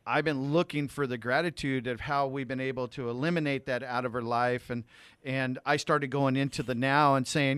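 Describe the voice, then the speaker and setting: A man's voice: mid-range voice, fairly even intonation, normal speed, fairly bright tone, clear, resonant tone, dry recording. A man co-hosting a podcast who shares a personal story in an earnest, heartfelt way. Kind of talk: podcast conversation.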